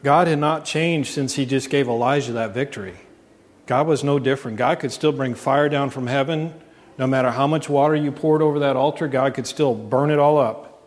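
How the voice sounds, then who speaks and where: A man's voice: medium pitch, normal speed. A man preaching a sermon as pastor, earnest, asking his congregation questions. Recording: long reverb.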